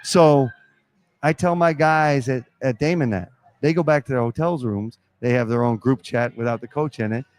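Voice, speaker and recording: A man who coaches college basketball, telling lively stories in a live podcast interview at a pizza restaurant. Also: mid-range voice, normal speed, dry recording. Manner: animated storyteller acting out quotes.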